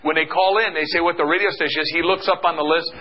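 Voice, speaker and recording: A middle-aged man giving an energetic motivational seminar talk, calling out questions for the audience to answer. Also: a little high, quick pace, low-quality recording. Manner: energetic, call-and-response with the audience. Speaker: seminar speaker.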